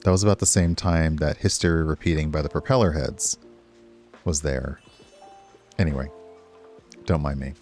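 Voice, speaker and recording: Deep-voiced man chatting while streaming a game. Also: moderate pace, pauses often, darkish tone, soft background music. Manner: rambling, chatty, talks to chat. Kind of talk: casual gameplay commentary.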